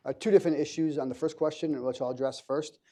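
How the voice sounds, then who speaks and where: A man, a government counterintelligence official, answering questions on a conference panel in a measured way with frequent fillers and restarts. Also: on the high side, steady tone, dark tone. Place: conference hall.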